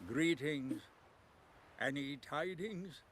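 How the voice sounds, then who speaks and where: A man's voice: fairly high pitch, extremely slow, a little hiss or hum. An actor playing a weary, grieving old father in a video game, with a quavering voice.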